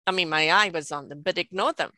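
An older woman and grandmother talking casually on a video call, animated and acting out the tones she uses with children. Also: fairly low pitch, fast, no room sound. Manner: animated, acts out scolding tones. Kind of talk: casual chat.

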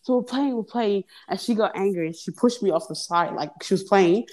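A woman's voice: mid-range voice, a little fast, crowd noise. A young woman telling a long story in casual podcast chat, acting out the other people's lines. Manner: animated, acts out quoted voices. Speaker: podcast guest. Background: children in the background.

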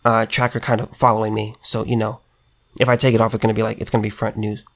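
A man putting on a quick, mocking impression of an evasive female politician. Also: fairly low pitch, level tone, vocal fry, voice pushed down.

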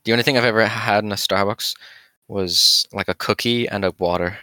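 A teenage boy with a bright, sharp voice talks loosely on a podcast, full of "like"s and offhand swearing. His voice sounds close and dry, with no room around it. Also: on the low side, fairly even intonation, fairly quick, dry recording. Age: teens. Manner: laughing, swears casually, filler-heavy. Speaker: podcast co-host. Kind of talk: casual chat.

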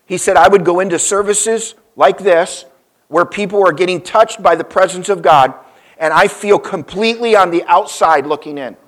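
Storytelling male preacher, rising emphasis. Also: normal speed. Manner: storytelling preacher, swings between loud emphasis and soft low asides. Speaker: pastor. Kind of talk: sermon.

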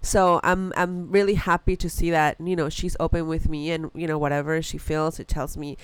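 A woman's voice: low-pitched, level tone, moderate pace, clean tone, no echo. A woman in her thirties from Mexico, a mother telling personal stories in casual chat, with many restarts and frequent laughter. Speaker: mother of a daughter.

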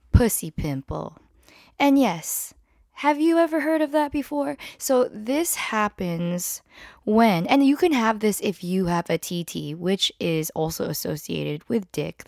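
A woman in her thirties hosting a podcast, telling a crude comic story in an animated, profane way. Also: medium pitch, creaky, no room sound, studio quality. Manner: crude, animated, swears freely. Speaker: podcast host.

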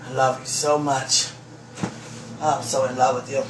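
A distressed former minister speaks very slowly in an emotional live chat, murmuring prayers and pleading with himself to calm down. The voice sits at an ordinary pitch and is tense throughout. Steady noise and clicks run underneath the recording.

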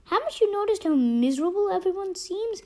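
A woman's voice: very high-pitched, animated, brisk, dark tone, pitched above the performer's own voice. A woman voicing a curious, worried young boy who asks urgent questions in a storybook reading.

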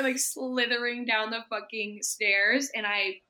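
A woman's voice: a little high, flat delivery, slow, hardly any pauses, bright, forceful tone. A young woman co-hosting a podcast, telling a story in casual, chatty talk that is full of swearing. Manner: chatty, swears freely, acts out her own panicked inner voice. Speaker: podcast co-host. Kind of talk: casual chat.

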